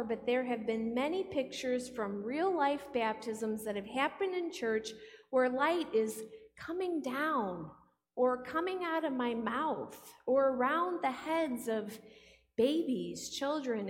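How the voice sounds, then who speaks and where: A woman pastor preaches a sermon with a playful touch, stopping to ask her listeners questions. Her voice sits a little high, and she speaks slowly and deliberately. A long reverb trails behind her words in the church. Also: lively intonation. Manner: playful, asks the congregation questions.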